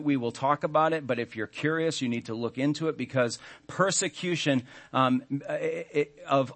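A man in his thirties, a pastor preaching a sermon earnestly, stressing key words and slowing down when he reads scripture. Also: a little high, a bit bright.

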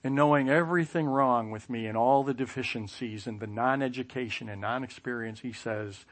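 A man telling a personal story with self-mocking humor, lively sound effects and playful asides. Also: mid-range voice, brisk, hardly any pauses. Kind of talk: personal anecdote.

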